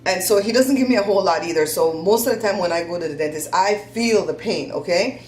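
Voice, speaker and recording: A woman's voice: lowish voice, fast talker, darkish tone, slight background noise. Chatty woman in an echoey room. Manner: chatty, laughing storyteller with folksy talk. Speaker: host. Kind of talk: casual chat.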